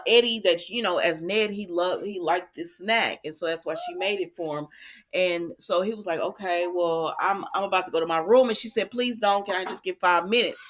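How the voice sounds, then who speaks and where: A chatty woman with a drawl, recapping a soap opera episode for her viewers. She talks at a mid pitch in a loose, conversational way and slips her own opinions in between the quoted lines. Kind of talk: casual chat, recapping a TV episode.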